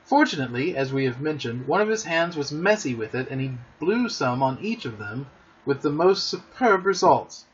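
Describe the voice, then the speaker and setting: A man reading a children's storybook aloud as a podcast host, expressive and gentle. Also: a little high, moderate pace, dull audio, slight background noise.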